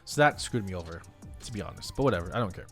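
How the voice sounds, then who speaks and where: A young man, a web developer streaming live, reacting excitedly to salary figures and talking to his chat. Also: low voice, very fast, faint music behind.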